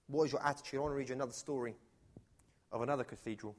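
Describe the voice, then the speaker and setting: A man preaching to his church in a lively, conversational way, moving from loud calls to hushed questions. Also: medium pitch, racing. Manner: animated and conversational, swinging from loud to hushed, with many rhetorical questions. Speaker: pastor. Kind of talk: sermon. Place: church, before a live congregation.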